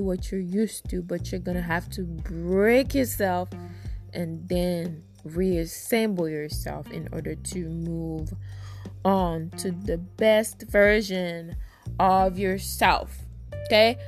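A woman hosting a self-help podcast, talking casually and emphatically to her listeners, repeating phrases for stress. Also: lowish voice. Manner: talks straight to listeners as "you guys". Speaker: podcast host.

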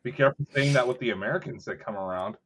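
A man's voice: medium pitch, rapid-fire, a bit bright, husky. A man co-hosting a podcast, reacting with incredulous, exasperated remarks in casual chat. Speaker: podcast co-host.

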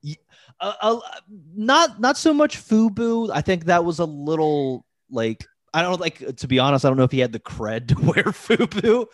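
Podcast host dude rambling thru a story, like like like, dead dry mic. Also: male voice, fairly high pitch, sing-song, moderate pace, no room sound. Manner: rambling, many "like" fillers and restarts. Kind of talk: casual storytelling chat.

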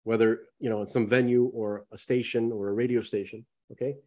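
A man's voice: medium pitch, little pitch movement, brisk, mellow. A man co-hosting a casual podcast chat, rambling and emphatic, with a slight lisp, talking to the listeners as folks. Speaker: podcast co-host.

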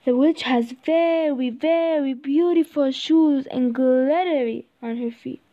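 A woman reading a children's storybook aloud, slow and halting, sometimes repeating words. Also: high-pitched. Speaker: reader. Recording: slightly dull recording.

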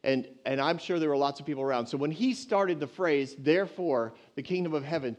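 Pastor, male, high voice, lively conversational sermon with jokes. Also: a little fast, few pauses. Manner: lively, conversational preaching with playful asides.

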